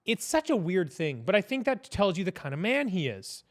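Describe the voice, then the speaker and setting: A man's voice: high voice, very animated, moderate pace. A man speaking as a podcast guest in casual political chat, blunt and opinionated, with some swearing. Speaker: podcast guest, business owner.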